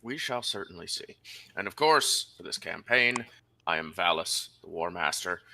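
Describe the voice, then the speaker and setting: Male game master, deep and punchy, theatrical announcer-style narration. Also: lively intonation, normal speed, gravelly, pushed and bright, a little hiss or hum. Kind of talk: narrating a tabletop wargame campaign.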